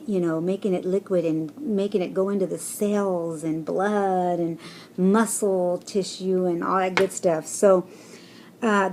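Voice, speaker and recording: A woman's voice: on the low side, slight background noise. A woman talking casually to her viewers in a personal vlog, rambling and encouraging, with many fillers. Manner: chatty, rambling, with fillers and soft laughs; encouraging, speaks to viewers directly. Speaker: vlogger.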